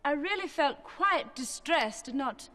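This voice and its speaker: A haughty sorceress speaks in an old-fashioned received pronunciation, drawling each word with cold sarcasm. Her voice sits high and swoops widely. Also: lively intonation, measured pace, bright, forceful tone, exaggerated voice. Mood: mocking. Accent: old-fashioned posh English, received pronunciation.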